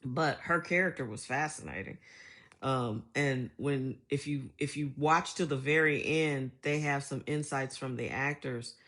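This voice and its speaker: A woman's voice: extremely low pitch, fairly bright tone. Chatty middle-aged woman telling stories. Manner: storytelling, laughs often, chatty and reflective. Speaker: vlogger. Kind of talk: casual monologue.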